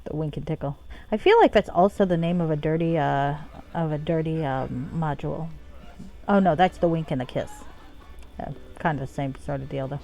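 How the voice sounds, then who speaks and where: A woman streaming a game and chatting casually, jokey and quick to laugh. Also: low voice, gravelly, mellow, poor audio. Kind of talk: casual gameplay commentary. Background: faint game music.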